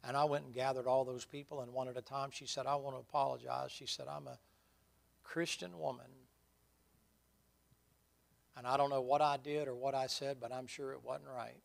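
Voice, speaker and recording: A middle-aged man preaching a sermon, telling folksy stories and building to loud, emphatic points. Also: medium pitch, level tone, moderate pace, vocal fry, long pauses.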